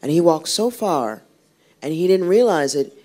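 A woman's voice: on the low side, expressive, moderate pace, mellow. Chatty woman guest telling a rambling story. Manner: chatty, rambling storyteller who restarts often. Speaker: guest singer. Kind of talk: casual interview chat.

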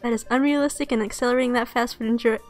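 A woman reading aloud as a strict, indignant teenage schoolgirl, raised high and shrill with outrage and roughened by a cold. The voice sits above a usual woman's pitch and pushes hard on every correction. Soft game music hums underneath. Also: fairly even intonation, very fast, natural voice. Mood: scolding. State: putting on a hoarse voice for a sick character. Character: stubborn, precise teen schoolgirl who yells when provoked.

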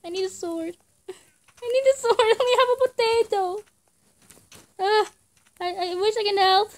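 A woman's voice: extremely high pitch, normal speed. A young woman giving casual gameplay commentary in short outbursts, often screaming and laughing. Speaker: gamer.

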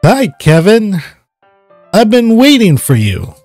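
A man's voice: high voice, huge pitch swings, takes it slowly, darkish tone, dry recording, soft background music, pitched above the performer's own voice, full character voice. A man reading the lines of a shy, intense, bookish teen girl from a visual novel in his own plain voice. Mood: polite.

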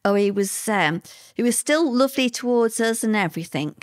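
A woman's voice: on the high side, a little fast. Woman telling her story. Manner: conversational, repeats words, lively quoted voices. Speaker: interview guest. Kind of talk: personal storytelling in an interview.

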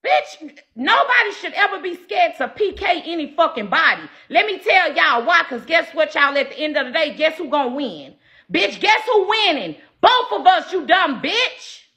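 A combative woman livestreamer tears into her chat in a loud, profane rant. Her voice sits high and sounds bright and sharp. Her pitch swoops all over the place as she talks. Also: big pitch swings, normal speed. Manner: brash and profane. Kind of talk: ranting to live chat.

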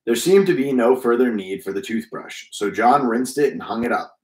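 A man's voice: mid-range voice, normal speed, a little mellow, roomy sound, rough recording. Man reading a children's story aloud. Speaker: reader. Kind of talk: children's book read-aloud.

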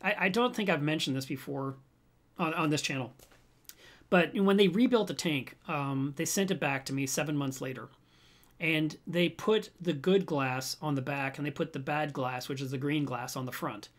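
A man hosting a reef aquarium channel, chatting casually with viewers and telling stories in an animated way, with frequent restarts and chuckles. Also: fairly high pitch, normal speed. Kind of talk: casual live chat answering viewer comments.

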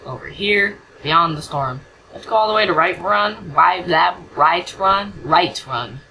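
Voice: mid-range voice, expressive, a little slow, creaky, bright, forceful tone, slight background noise, rough recording. A gamer giving casual, goofy commentary while playing, joking and humming nonsense tunes. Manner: goofy, sings nonsense and jokes at the game. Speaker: gameplay commentator. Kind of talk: casual let's-play commentary.

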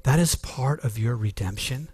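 A man's voice: medium pitch, moderate pace, a little mellow, husky, no echo. A man preaching a sermon as pastor, earnest and emphatic, with frequent restarts.

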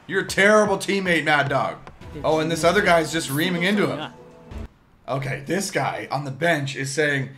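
Excited man reacting over music. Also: on the high side, brisk. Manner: excited outbursts cheering the play. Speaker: anime reaction commentator. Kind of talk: casual reaction commentary. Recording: music playing behind.

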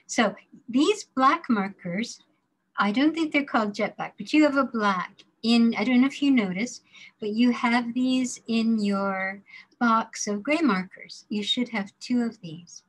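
Woman teaching a drawing demo, kinda high voice, talks slow n careful, mutters to herself while drawing. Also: rough recording. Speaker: design drawing instructor. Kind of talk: classroom drawing demonstration.

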